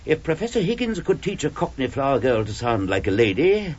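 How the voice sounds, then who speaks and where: An actor in a radio drama playing a gallant, fussy elderly English gentleman with a husky voice. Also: mid-range voice, very animated, brisk, dull audio. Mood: dry. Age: older. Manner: courteous, dry and fussy.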